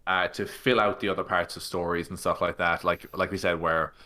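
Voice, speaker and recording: A man's voice: low-pitched, fairly even intonation, brisk, bright, forceful tone. A man co-hosting a tabletop gaming podcast who chats loosely and fills his speech with "like" and "um". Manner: loose, filler-heavy. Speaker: podcast co-host. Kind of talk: casual chat.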